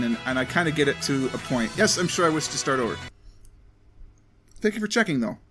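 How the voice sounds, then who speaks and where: A man talks through a video game in an easy, rambling way, stopping to correct himself as he goes. His voice sits a little high and swings widely in pitch. Game music plays clearly underneath. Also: expressive, fast talker, long pauses. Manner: chatty, rambling, self-correcting. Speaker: let's play host. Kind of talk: casual game commentary.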